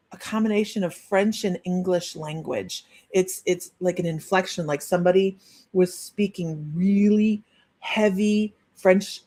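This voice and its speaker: A middle-aged woman giving a live-streamed psychic reading, chatty and rambling with many pauses and restarts. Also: on the low side, darkish tone. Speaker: psychic medium.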